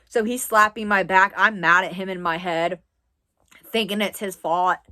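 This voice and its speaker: A woman's voice: medium pitch, fairly even intonation, moderate pace, pushed and bright. Woman, twenties, from the US East Coast: a chatty, rambling vlog storyteller who leans on "like" as filler. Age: 20s. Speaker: vlogger. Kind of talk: casual story time.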